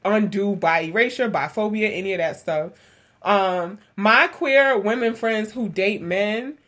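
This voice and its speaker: Woman podcast host, chatty, lots of ums, mid pitch. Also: measured pace, fairly bright tone. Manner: chatty, laughs often, lots of fillers. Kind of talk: casual conversational podcast.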